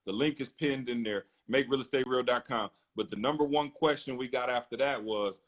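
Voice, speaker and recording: A man's voice: medium pitch, a little fast, few pauses. A man hosting a casual live-stream chat, hyped and promotional, acting out viewers' questions. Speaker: host. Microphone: phone on a live stream.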